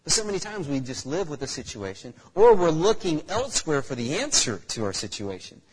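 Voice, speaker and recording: A male preacher delivers a sermon in a church hall, asking the congregation question after question. His pitch sits a little high and swings widely. The voice is husky, and it rings out with long reverb across the hall. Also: a little fast. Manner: animated, rhetorical questions to the congregation.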